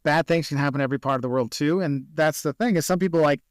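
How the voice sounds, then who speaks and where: Man, podcast guest, high-pitched, rapid, lively storyteller, dry room. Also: no echo. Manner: animated storyteller, acting out quoted people. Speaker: travel video creator, guest. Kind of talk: casual podcast interview.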